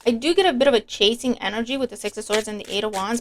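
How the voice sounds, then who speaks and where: A woman's voice: on the high side, rapid-fire, few pauses, a little hiss or hum. A woman giving a casual tarot reading to her viewers, chatty and emphatic, sometimes breaking into a rant. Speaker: tarot reader.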